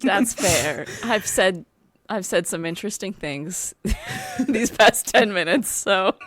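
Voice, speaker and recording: A woman's voice: medium pitch, a bit bright, a little hiss or hum. A woman playing a tabletop game, joking and laughing often with the table. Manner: giggly and playful. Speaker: player. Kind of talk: casual tabletop play.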